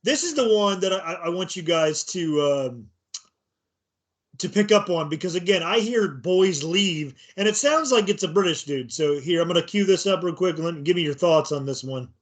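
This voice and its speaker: A man co-hosting a podcast, chatting casually, excited and rambling, often repeating words. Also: high-pitched, fairly quick. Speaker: podcast co-host. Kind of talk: casual chat.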